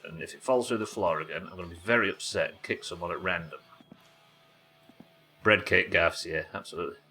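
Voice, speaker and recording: A man's voice: low-pitched, a little fast, pushed and bright, breathy edge, soft background music. A man chatting casually while streaming a game, rambling and talking to his viewers. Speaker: live streamer. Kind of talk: casual gaming commentary.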